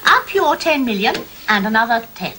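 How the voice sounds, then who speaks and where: A mischievous British woman diplomat with a wry, teasing way of talking. Her voice sits a touch high and moves a lot. Steady hiss from the old tape runs underneath. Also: normal speed, a crowd in the background. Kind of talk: 1980s TV sitcom acting. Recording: noisy old TV recording.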